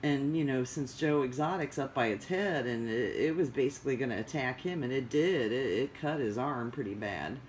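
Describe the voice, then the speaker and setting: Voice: mid-range voice, normal speed, hardly any pauses, slight background noise, low-quality recording. A vlogger chatting casually in a rambling, digressive way with many fillers. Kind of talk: casual chat.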